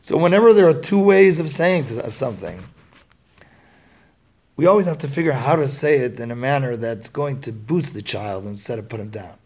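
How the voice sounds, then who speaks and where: A man tells a story to a live audience in a husky, gravelly voice. He speaks haltingly, with many fillers and restarts. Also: mid-range voice, lively intonation, darkish tone.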